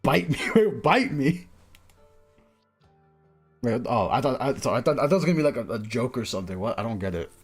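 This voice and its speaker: Male streamer, casual rambling chat, lively pitch, faint music behind. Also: racing, hardly any pauses, breathy edge. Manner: rambling, distracted, hesitant with many ums. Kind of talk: casual game-reading livestream chat.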